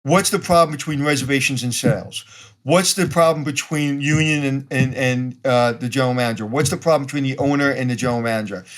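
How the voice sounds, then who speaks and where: A man's voice: medium pitch, quick pace. A man from Brooklyn, a podcast guest talking bluntly and directly and acting out bits of dialogue. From Brooklyn, New York. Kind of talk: casual interview conversation.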